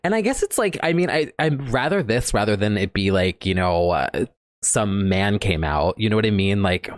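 A man's voice: on the low side, animated, dry recording. Giggly gushing man with a dry close sound. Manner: giggly, gushing, quick asides. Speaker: podcast co-host. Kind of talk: casual chat.

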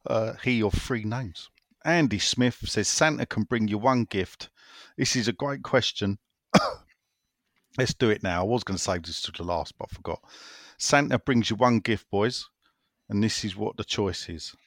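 A man's voice: lowish voice, moderate pace, fairly bright tone, no room sound, studio quality. A man hosting a casual football podcast, chatting and reading out listener messages. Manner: chatty, reads listener messages aloud, drops "innit". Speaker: podcast host.

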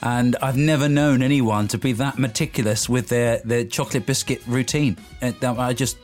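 A man's voice: mid-range voice, steady tone, normal speed, darkish tone, faint music behind. A man co-hosting a casual podcast awards segment, chuckling easily as he presents. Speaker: podcast co-host. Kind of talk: casual awards-show chat.

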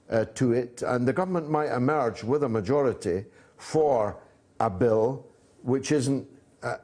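A man with a fairly low voice hosts a political interview. He builds long, measured questions and fills the gaps with frequent "uh" pauses. His tone is steady and leading. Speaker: host.

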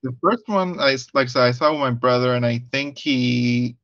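A man's voice: mid-range voice, brisk, a bit bright, no echo, muffled recording. A man co-hosting a casual movie review podcast, hesitant and laughing often. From United States. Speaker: podcast co-host.

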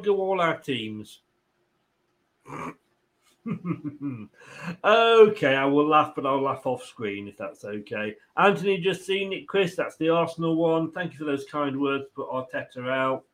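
Casual football host, chatty and rambling, light higher voice. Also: male voice, lively intonation, slow pace, long pauses, a bit bright. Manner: chatty, laughs often, rambling asides. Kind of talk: casual football chat with viewer comments.

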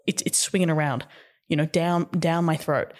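A woman's voice: deep voice, steady tone, normal speed. A young woman on a casual podcast, bubbly and self-deprecating. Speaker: podcast co-host.

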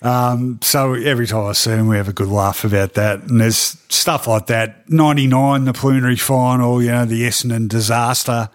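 A middle-aged sports journalist with an Australian accent, telling lively stories in an interview and laughing between them. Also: male voice, mid-range voice, fairly quick, few pauses. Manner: lively anecdotal, with frequent ums and laughs. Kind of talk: animated storytelling in a podcast interview.

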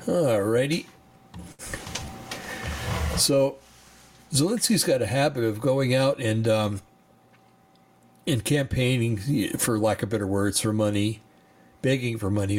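A man hosting a podcast, talking in a casual, tired and halting way with many fillers as he reads articles aloud. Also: medium pitch, darkish tone. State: sleepy, yawning. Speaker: podcast host.

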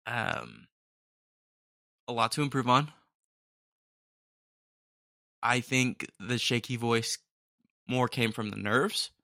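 A woman's voice: very deep voice, animated, slow, vocal fry, bright, forceful tone, no echo, studio quality. A woman podcast host giving casual, playful commentary on clips, often saying "dude" and laughing.

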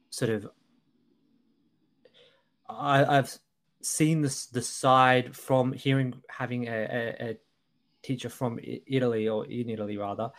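A man co-hosting a podcast, talking over a film in a hesitant, earnest way, with many ums and restarts. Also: medium pitch. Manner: earnest, critical. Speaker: podcast co-host. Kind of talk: casual film review chat.

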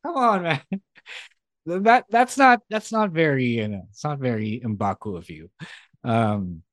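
A man's voice: mid-range voice, lively intonation, measured pace, no echo, studio quality. A man co-hosting a podcast in casual chat, switching between English and Tagalog and laughing often. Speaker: podcast co-host.

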